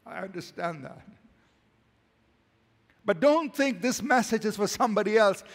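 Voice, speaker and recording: A male pastor preaching a sermon, swinging from emphatic, loud declarations to hushed, quiet lines. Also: high-pitched, sing-song, normal speed, long pauses, long reverb tail.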